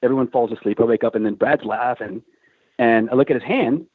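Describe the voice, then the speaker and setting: A man casually telling military stories on a podcast, animated and swearing, acting out shouted quotes. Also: medium pitch, brisk, slightly rough, no echo. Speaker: podcast guest. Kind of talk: casual storytelling. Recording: dry, tinny phone-like sound.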